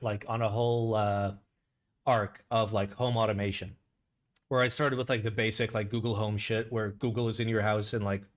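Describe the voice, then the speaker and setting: A male live-stream host talks off the cuff, swearing freely and stringing thoughts together with filler words. His voice sits at an ordinary middle pitch for a man. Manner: rambling, sweary, lots of "like" fillers. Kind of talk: casual profane live-stream reaction chat.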